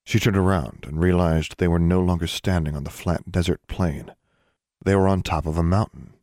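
A man reading a fantasy novel aloud in a steady, measured storytelling manner. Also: deep voice, dry recording, clean studio sound. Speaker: narrator. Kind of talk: audiobook narration.

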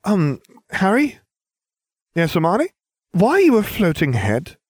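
Man voicing a bossy, know-it-all schoolgirl witch, much higher and louder, lecturing. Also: wildly swooping pitch, measured pace, slightly rough, no room sound, exaggerated voice. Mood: insistent. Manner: earnest, insistent, lecturing.

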